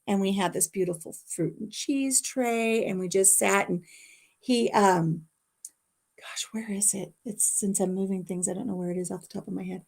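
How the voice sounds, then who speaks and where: A woman's voice: medium pitch, steady tone, normal speed, creaky, darkish tone. A middle-aged woman at home telling a personal family story to her livestream viewers in a rambling, emotional way. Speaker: livestream host. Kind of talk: casual storytelling chat.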